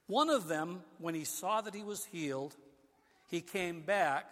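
An older male pastor delivers a casual, chatty sermon, his voice sitting a touch high for a man. He restarts phrases often as he talks, and his words ring out with a long reverb through the church sanctuary. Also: fairly bright tone. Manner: conversational preaching with frequent restarts.

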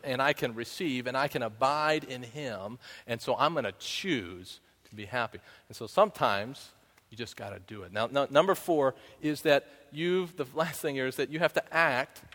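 This is a male pastor of medium pitch and fairly bright tone, giving a sermon in a conversational style. He repeatedly asks the congregation "right?" and sings short pieces of songs, all captured with the long reverb of a church sanctuary.

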